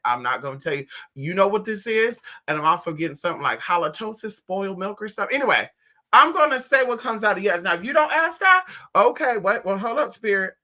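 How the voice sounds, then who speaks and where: Sassy, animated woman chatting. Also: mid-range voice. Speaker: spiritual reader and streamer. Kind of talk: casual chat to viewers. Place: at home indoors.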